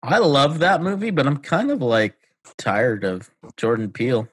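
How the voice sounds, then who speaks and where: A man with a mid-pitched voice swears freely and laughs easily on a casual podcast. He tells his stories in a loose, chatty way. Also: big pitch swings, a little slow, fairly bright tone, a little hiss or hum. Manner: profane, laughs often, tells anecdotes. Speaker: podcast co-host.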